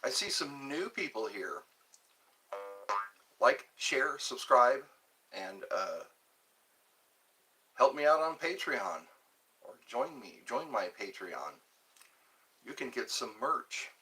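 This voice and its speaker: Speaking slowly with long pauses, this Georgia livestreamer has a mid-range, sing-song voice that sounds pushed and bright. He rambles, reads the chat aloud, and chuckles to himself over slight background noise.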